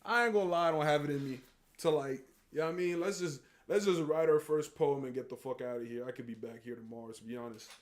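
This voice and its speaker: A man on a casual livestream, reading text aloud haltingly and breaking off into slangy, profane asides. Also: fairly high pitch. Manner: reads text aloud haltingly, then riffs on it.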